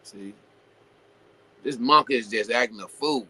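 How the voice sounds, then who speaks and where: A man hosting his own show, talking casually and at length, full of "you know" fillers and restarts, building into animated rhetorical questions. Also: medium pitch, unhurried, poor audio. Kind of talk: casual opinion monologue.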